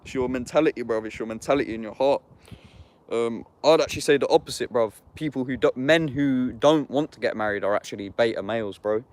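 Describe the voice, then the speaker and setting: A man's voice: mid-range voice, brisk, a little mellow. A man in a casual livestream chat, talking bluntly and heatedly, swearing and saying "bruv" constantly.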